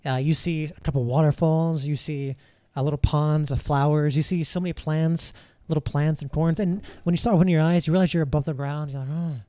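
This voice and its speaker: A man's voice: on the high side, steady tone, a little fast, mellow, dry recording. Guy running a tabletop game, rambly with lots of ums, dry sound. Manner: rambling, hesitant, with many fillers. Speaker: game master.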